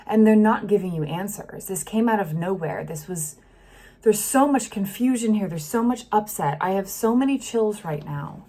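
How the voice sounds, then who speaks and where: A woman reading tarot cards in a loose, chatty monologue, her voice at a middling pitch. She gets caught up in the feelings she describes, sighing and breaking off her sentences as she goes. She talks into a close microphone. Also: expressive, moderate pace, dark tone. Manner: emotional, acts out the feelings she reads, sighs and trails off. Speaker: tarot reader.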